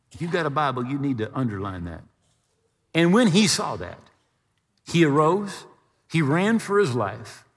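A man preaching a sermon, retelling a story in an animated way and acting out the voices. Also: on the high side, breathy edge, big-room sound. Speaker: pastor.

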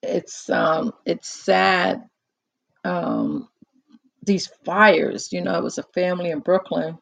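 A host of a live call-in talk show chatting casually into a close microphone, unhurried and musing, with many pauses and fillers. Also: medium pitch, creaky, dry recording.

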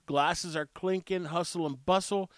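A man's voice: sits high, fairly even intonation, unhurried, no room sound, clean studio sound. A man with stuffy sinuses who owns a barbecue restaurant, telling stories in a casual monologue and acting out both sides of conversations. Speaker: barbecue restaurant and brewery owner.

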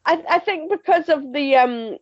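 A woman's voice: high voice, lively intonation, normal speed, no room sound, muffled recording. A woman contributing to a podcast chat, talking enthusiastically about TV shows. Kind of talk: casual chat.

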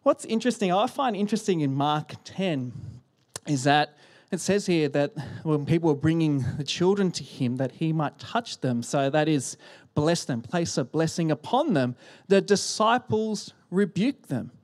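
A man delivers a sermon from the front of a church, holding a microphone. He talks in an animated way, jumping up for emphasis and then sinking into hushed, almost whispered lines. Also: fairly high pitch, normal speed. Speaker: pastor. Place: church hall. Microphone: handheld microphone.

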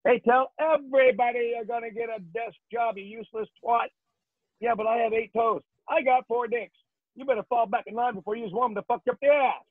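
A foul-mouthed male Marine drill instructor, put on by a man telling a story, barks insults in a hard, steady cadence. The voice sits high, and it comes through dry and tinny, like a phone line. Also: a little fast, no echo. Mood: barking. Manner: rhythmic shouted insults.

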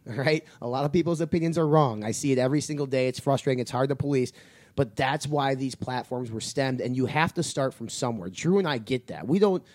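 A man's voice: mid-range voice, a little mellow, no echo. Male podcast host, blunt and profane, dry close-miked sound. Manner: blunt, heavy swearing, rants. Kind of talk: casual podcast chat.

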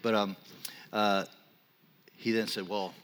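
A man's voice: mid-range voice, fairly quick. Man preaching in a reverberant hall. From Texas. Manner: storytelling, animated and self-deprecating. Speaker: pastor. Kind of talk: sermon. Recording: long reverb of a large hall.

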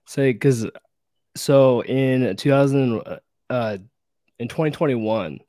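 A male host asking questions in a casual, excited way, cursing now and then. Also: mid-range voice, slow, no room sound, clean studio sound. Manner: casual, excited, swears freely. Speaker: podcast host. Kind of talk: casual interview chat.

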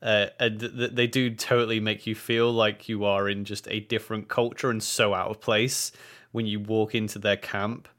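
A young man co-hosting a podcast, telling an animated story in casual chat. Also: lowish voice, moderate pace. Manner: animated storytelling, acts out quoted voices. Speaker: podcast co-host.

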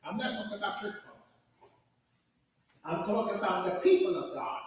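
A man's voice: sits high, expressive, moderate pace. A man preaching a sermon as pastor, with fervent call-and-response questions and repeated scripture. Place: church sanctuary. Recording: echoey church hall, distant mic.

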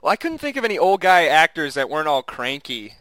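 A man's voice: a little high, very animated, a little fast, a bit bright, no echo. A man co-hosting a casual podcast chat, rambling with restarts and chuckling often. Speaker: podcast co-host.

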